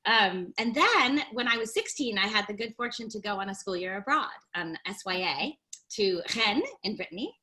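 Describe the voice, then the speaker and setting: An American woman wine educator, a guest on a video call, articulate and quick to laugh. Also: mid-range voice, animated. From United States. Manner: warm, articulate, laughs easily. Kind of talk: interview guest.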